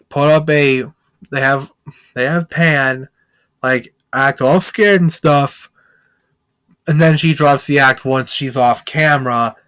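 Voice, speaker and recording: A man's voice: medium pitch, a bit bright, clean tone, no room sound. A man reviewing a film in a casual, rambling plot recap, heavy with filler words.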